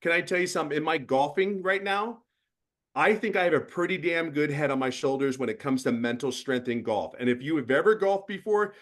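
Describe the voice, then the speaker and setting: A man's voice: a little high, a little fast, a bit bright. A middle-aged man giving a blunt, preachy motivational mentoring talk as guest host, with emphatic bursts.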